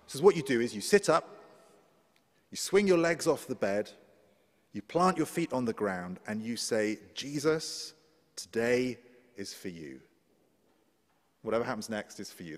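English man preaching in a reverberant church. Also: medium pitch. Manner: conversational preaching, asking the congregation questions. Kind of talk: sermon.

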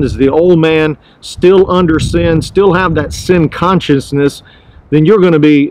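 Earnest pastor, a man with a higher voice. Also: low-quality recording. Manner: earnest, emphatic, repeats key phrases. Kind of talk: devotional podcast teaching.

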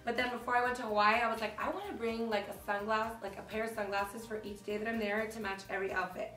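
A young woman chatting casually to the camera as a beauty vlogger, animated and full of fillers like "like", filmed in a hotel room. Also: a little high, fast talker. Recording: echoey room with faint music.

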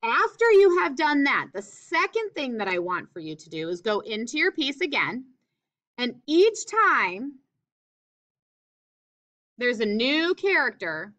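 A woman's voice: high voice, sing-song, measured pace, fairly bright tone. A woman teacher explaining punctuation in a classroom writing lesson, reading examples aloud with expression.

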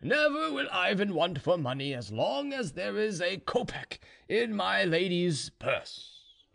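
A man's voice: high voice, sing-song, measured pace, creaky, a bit bright, pitched above the performer's own voice, exaggerated voice. A man voicing a boastful, contented male serf who is drinking brandy, speaking in an easygoing, smug way.

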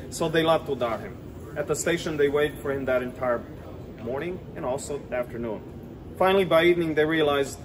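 A man's voice: on the high side, a little fast, background noise. A middle-aged man, a tour guide, animatedly telling a legend outdoors on a city street and pointing out spots. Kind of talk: storytelling on a walking tour.

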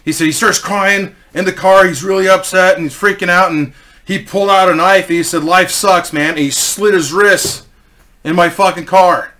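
A man's voice: high voice, fairly even intonation, normal speed, bright, forceful tone. A man in his forties telling a rambling, profane story in a casual way. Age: 40s.

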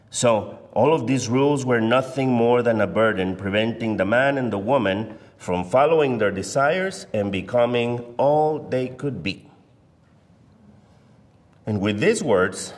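A man teaching an adult Bible class in a church, speaking in a measured, deliberate way and stressing key words. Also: medium pitch. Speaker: Sunday school teacher. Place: church sanctuary. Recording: long reverb of a church hall.

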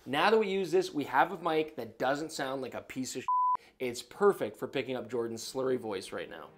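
A man's voice: mid-range voice, normal speed. A man co-hosting a camera review show, joking around casually while having a few drinks. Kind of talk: casual product review banter.

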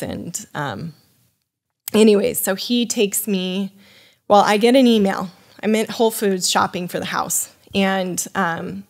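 A young adult woman, a sommelier guest on a podcast, chattily telling a rambling personal story full of restarts and acted-out dialogue. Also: mid-range voice. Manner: acts out quoted dialogue with her voice rising. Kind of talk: casual interview storytelling.

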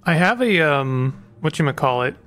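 A man's voice: on the high side, very animated, moderate pace, fairly bright tone, soft background music. A man streaming a video game, talking casually and apologetically with lots of fillers about his microphone. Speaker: gaming streamer. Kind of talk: casual let's-play commentary. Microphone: desk microphone.

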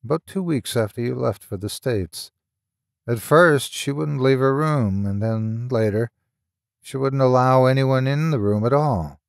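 A man voicing a weary, guilt-ridden man who explains slowly and haltingly in an audiobook horror story. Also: medium pitch, creaky, dry recording, studio quality. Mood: explaining. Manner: slow, subdued and halting.

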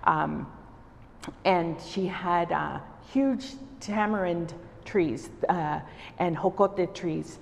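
Speaking extremely slowly, a middle-aged woman from El Salvador who carves wood reflects on her life in an interview. Her low, creaky voice echoes through an exhibition hall, with a little background noise present.

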